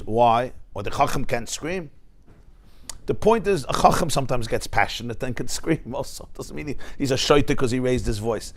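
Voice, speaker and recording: A man teaching a class as a rabbi, telling anecdotes and often shouting the punchlines. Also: on the high side, big pitch swings, moderate pace. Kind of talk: lively classroom lecture with anecdotes.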